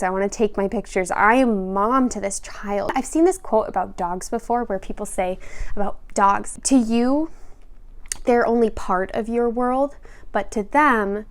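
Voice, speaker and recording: A woman's voice: mid-range voice, darkish tone. A young woman vlogger and new mother talking casually to camera, chatty and emotional, laughing often and using lots of fillers.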